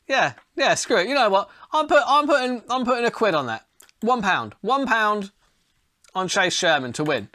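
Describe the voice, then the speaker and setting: A young man hosting a fight-betting show, talking casually and profanely, thinking out loud as he goes. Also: high voice, big pitch swings, moderate pace, no room sound, clean studio sound. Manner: profane, chatty, talks himself into things. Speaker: podcast host, fight tipster.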